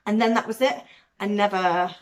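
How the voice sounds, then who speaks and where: A woman from Manchester with a softened Mancunian accent, chatting casually to camera as a vlogger, rambling with ums and laughs. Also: medium pitch, fairly even intonation, moderate pace. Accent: weakened Mancunian, softened by years in Cornwall. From Manchester, England.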